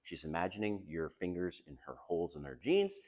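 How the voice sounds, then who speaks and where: A man's voice: low voice, sing-song, a little fast, a little mellow, big-room sound. A man giving casual dating advice in a chatty, confiding way, laughing often. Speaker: dating coach.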